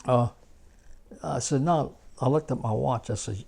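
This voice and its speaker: Older American vet, gravelly and dark-toned, rambling animated storyteller. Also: male voice, medium pitch, normal speed. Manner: rambling, animated, laughs at his own stories. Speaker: war veteran telling stories. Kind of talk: casual spoken storytelling.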